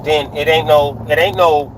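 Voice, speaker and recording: A man in casual, slangy storytelling, animated and full of restarts, recorded outdoors near traffic. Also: on the high side, normal speed. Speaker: storyteller recounting prison life.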